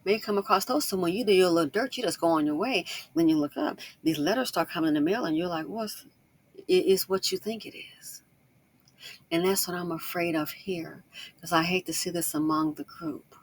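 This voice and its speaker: A woman giving casual online commentary, talking fast and slangy and repeating points for emphasis. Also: on the low side, breathy edge. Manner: talks fast, tries to slow herself down. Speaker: YouTube commentator.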